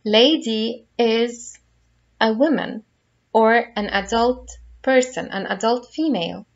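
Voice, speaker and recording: A woman's voice: on the high side, slow, creaky, muffled recording. A woman teaching a phonics lesson to young children, patiently guiding them through each word step by step.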